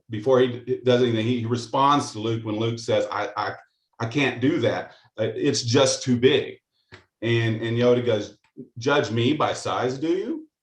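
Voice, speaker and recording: A middle-aged man on a video call telling a story, hesitant, with many fillers and restarts. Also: medium pitch. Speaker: call participant. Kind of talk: casual storytelling. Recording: echoey room.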